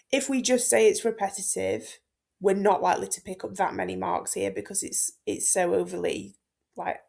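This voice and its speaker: A Latin teacher explains a poem for exam revision, line by line. She is loose and chatty, full of fillers and asides. Her voice has a gravelly fry running through it at a middling pitch. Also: darkish tone. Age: 30s. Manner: chatty and informal, with frequent fillers. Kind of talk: exam-focused text explanation.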